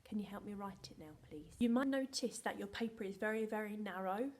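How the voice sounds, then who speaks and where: An English woman, a primary school teacher, leads a remote phonics lesson for young children in a mid-range voice. She is playful and animated, slipping into whispers and sounding out words slowly.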